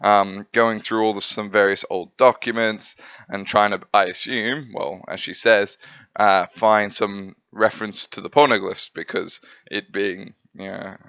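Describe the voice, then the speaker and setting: Man reviewing comics, rambling, low and bright, dull dry recording. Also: steady tone, unhurried, clean tone, dry recording. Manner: rambling, filler-heavy, laughs at himself. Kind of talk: casual review chat.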